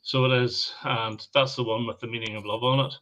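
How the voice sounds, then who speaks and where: A man's voice: medium pitch, flat delivery, a little fast, a bit bright, low-quality recording. A British man co-hosting a live stream, chatting casually and laughing often. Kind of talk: casual chat.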